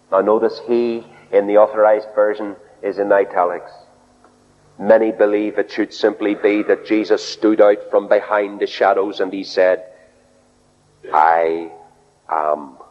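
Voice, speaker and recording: A man preaching a sermon, telling stories earnestly and dropping low and soft for quoted words. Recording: dull radio broadcast with long reverb.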